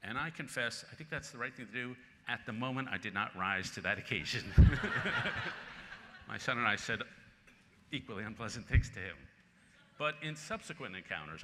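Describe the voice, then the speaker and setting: Low bright-voiced man in his sixties. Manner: lively anecdotal storytelling with bursts of laughter. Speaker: featured speaker, columnist. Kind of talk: conference Q&A answer. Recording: long reverb in a large hall with faint noise.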